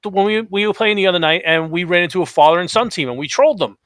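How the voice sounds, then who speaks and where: Bright-voiced man telling podcast stories. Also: high voice, racing, no echo. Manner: animated storytelling, acts out quotes. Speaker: podcast co-host. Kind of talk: casual podcast chat.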